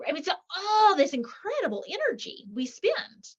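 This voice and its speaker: Lively high-voiced woman author. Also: normal speed, highs cut off. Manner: lively, acts out quoted voices, many rhetorical "right?"s. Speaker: author and guest. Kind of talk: animated interview talk.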